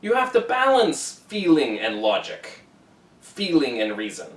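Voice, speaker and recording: A male teacher explains a classic novel with plenty of enthusiasm, his voice fairly high and swinging widely up and down. It sounds like a roomy, echoing space, and he is some distance from the microphone. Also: huge pitch swings, a little slow. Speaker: English teacher. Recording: roomy echo, away from the mic.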